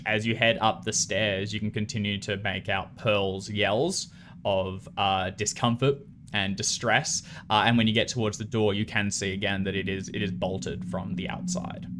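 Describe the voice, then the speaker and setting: A man narrating as game master of a tabletop horror game, unhurried and halting with fillers. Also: fairly low pitch, a bit bright, slight background noise.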